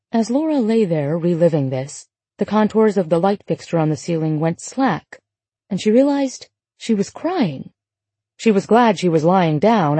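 A woman reading a novel aloud in a measured, even storytelling voice. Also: medium pitch, husky, no echo. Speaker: audiobook narrator. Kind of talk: scripted narration.

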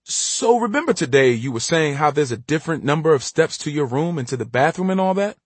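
A man reading an audiobook, voicing a curious, eager young boy with high, questioning speech. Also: animated, brisk, breathy edge, no room sound.

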